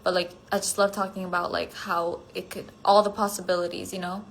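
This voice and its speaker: A woman's voice: lowish voice, level tone, brisk, gravelly, a little hiss or hum. Rambling tired young woman on a livestream. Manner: rambling, many "like" fillers, drifting thoughts; drops to a soft near-whisper at times. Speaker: livestream host answering fan comments. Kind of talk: casual chat on a solo phone livestream.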